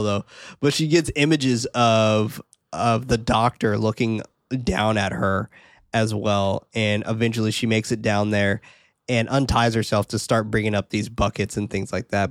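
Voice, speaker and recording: A man hosting a podcast, recapping a horror film in a casual, profane, animated way. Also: lowish voice, dry recording, studio quality. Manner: animated, profane, laughing often. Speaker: podcast host.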